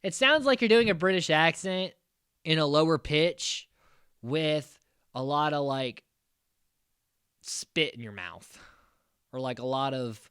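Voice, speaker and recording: Speaking slowly and pausing often, a US man with a slightly high, clean voice hosts a podcast recapping a reality show. His chat is casual and animated: he mimics cast quotes, swears loosely and leans on fillers. The studio-quality audio has no room sound.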